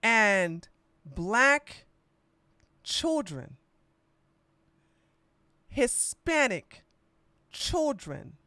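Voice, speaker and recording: A woman runs her political podcast in a casual, slangy rant, blunt and mocking as she talks straight at her listeners. Her voice sits a little high and rings bright and forceful. The sound is close and dry, with no room around it. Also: very animated, very slow, long pauses, no room sound. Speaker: podcast host.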